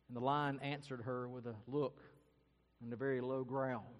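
Male pastor, earnest and dramatic, mid-pitched voice, long echoing reverb. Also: flat delivery, normal speed. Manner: earnest, dramatic, varies loudness and pace. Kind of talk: sermon with storytelling.

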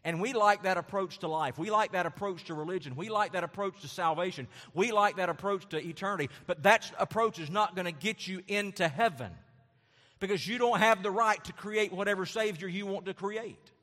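A man's voice: sits high, brisk, sharp tone. A man preaching a sermon as pastor, emphatic and repetitive, with rhetorical questions. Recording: long hall reverb.

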